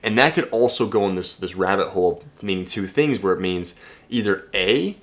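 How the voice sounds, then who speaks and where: Young male dating coach, low voice, blunt, energetic, swears a lot, casual to-camera talk. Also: moderate pace. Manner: energetic, blunt, swears freely, frequent restarts.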